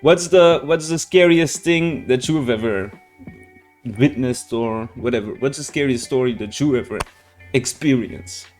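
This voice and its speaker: A man's voice: medium pitch, unhurried, a little mellow, soft background music. A man hosting a reaction channel, telling a story to viewers in a rambling way, swearing often and restarting sentences.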